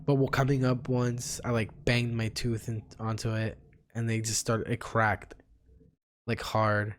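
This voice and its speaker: A man's voice: mid-range voice, little pitch movement. Loose, swearing young man chatting. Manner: loose, swearing, halting restarts. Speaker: podcast co-host. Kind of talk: casual chat.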